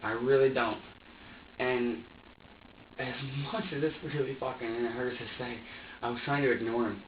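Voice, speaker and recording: A man's voice: medium pitch, fairly even intonation, moderate pace. A young man under police questioning, confessing in an agitated, profane, stammering way, repeating himself as he talks. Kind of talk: emotional confession. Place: police interview room. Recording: distant, roomy, dull recording with faint hiss.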